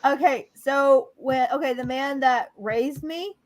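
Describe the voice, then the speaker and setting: A woman's voice: sits high, slow, dry recording. A woman from the American South with a Southern accent touched by Cajun, chatting casually on a livestream, hesitant and rambling, repeating herself.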